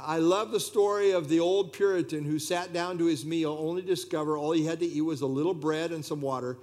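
Brief: man preaching, emphatic, repeats key lines, slightly high pitch. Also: a little mellow. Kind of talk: sermon.

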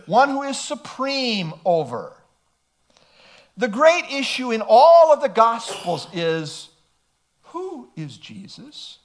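A man preaching a sermon, emphatic and throwing rhetorical questions at his listeners. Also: extremely high pitch.

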